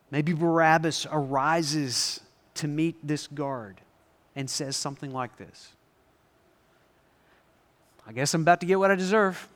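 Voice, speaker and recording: A man preaching a sermon to a congregation, animated, asking them questions and acting out scenes. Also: a little high. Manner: animated, asks the audience questions and acts out scenes. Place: large hall before a live congregation. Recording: long reverb in a large hall.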